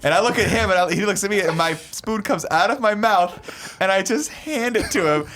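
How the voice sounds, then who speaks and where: A man hosting a podcast, telling stories in a casual, animated way and swearing freely. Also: sits high, normal speed, slight background noise. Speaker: podcast host. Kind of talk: casual chat.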